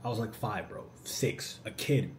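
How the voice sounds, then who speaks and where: A young man answering viewer questions in a casual vlog, animated and slangy. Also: fairly low pitch, unhurried, slight background noise. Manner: animated, slangy, says "bro" often.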